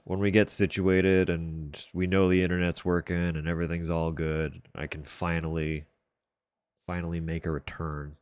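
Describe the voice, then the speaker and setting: A man streamer chatting casually from a room at home, keeping his voice level and low and swearing offhandedly. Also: level tone, moderate pace, clear, resonant tone, no echo. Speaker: livestreamer. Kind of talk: casual chat on a live stream. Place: room at home sharing a wall with a neighbor's bedroom.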